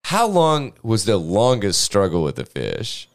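Lively, resonant man bantering casually. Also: lowish voice, a little slow. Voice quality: lively, swearing, laughs often. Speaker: podcast co-host reading news stories.

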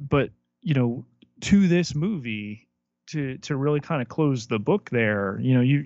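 A man's voice: mid-range voice, a little mellow, no room sound, lo-fi sound. A man co-hosting a podcast, talking through a film in a hesitant way, often repeating words as he thinks aloud. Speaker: podcast co-host. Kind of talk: casual film discussion.

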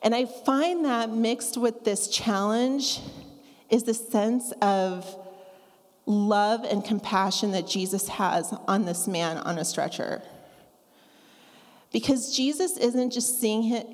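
A woman preaching a sermon, talking conversationally and acting out scripture quotes with lively asides. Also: on the high side. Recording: long reverb of a large hall.

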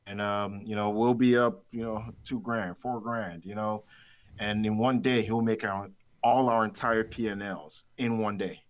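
A man being interviewed, telling a trading story in a rambling, casual way, repeating words and laughing easily. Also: lowish voice. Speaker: trader guest.

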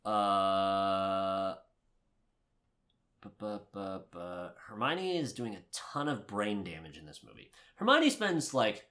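A man co-hosting a casual movie review podcast, ranting with lots of swearing, swinging from heated shouting to low muttering. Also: animated, slow pace. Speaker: podcast co-host.

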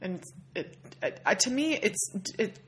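A woman's voice: mid-range voice, sing-song, unhurried, a little hiss or hum. A woman with a mid-range voice co-hosts a casual film chat. She sounds opinionated and exasperated, and now and then her words trail off into a near whisper. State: married. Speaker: podcast co-host.

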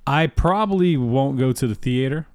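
A man's voice: mid-range voice, animated, normal speed, a little mellow, no room sound, studio quality. A man co-hosting a casual podcast, blunt and opinionated, often laughing at his own jabs. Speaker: podcast co-host. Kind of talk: casual chat.

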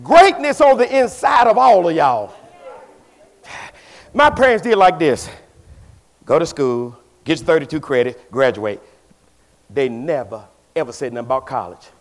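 A pastor with a Southern US Black vernacular accent, preaching a folksy call-and-response sermon that builds to shouts. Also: male voice, on the high side, sing-song, measured pace, long pauses.

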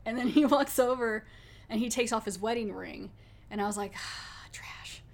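A woman hosting a podcast, chatting casually through an episode recap. Her voice sits a bit high, and she bounces between narration and playful impressions of the characters. She laughs often. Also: fairly quick, creaky. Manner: animated, acts out characters' lines, laughs often. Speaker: podcast host.

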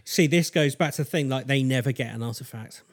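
A man, hosting a casual podcast chat and telling a strange story in a halting way, full of fillers and restarts. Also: mid-range voice. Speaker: podcast host.

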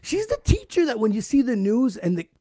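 A man's voice: very high voice, brisk, no room sound, clean studio sound. A man hosting a podcast, telling crude stories in casual, swearing chat. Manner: crude, swearing, animated storyteller. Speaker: podcast host.

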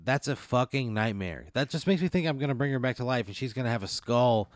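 A man's voice: medium pitch, expressive, quick pace, no room sound, studio quality. A man in casual chat who reacts in an exasperated way and swears freely.

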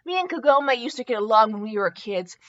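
Young woman, comedy host, mocking fanfic reading, spells out typos, high bright voice, dull lo-fi audio. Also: lively intonation, brisk. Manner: mocking, spells out misspelled words, laughs often. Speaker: podcast host.

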